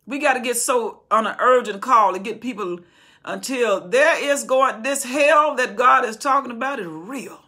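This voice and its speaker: A woman's voice: on the high side, moderate pace, sharp tone, slightly rough. A woman teaching a Bible study sermon in a fervent, conversational preaching style, often repeating herself as she builds.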